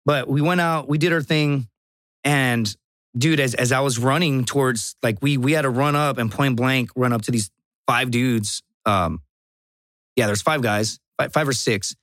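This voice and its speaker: Profane, animated storyteller man from Texas. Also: mid-range voice, moderate pace, no echo, studio quality. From Laredo, Texas. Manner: profane, animated storyteller who acts out quotes. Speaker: guest, stand-up comedian and former Marine. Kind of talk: casual podcast storytelling.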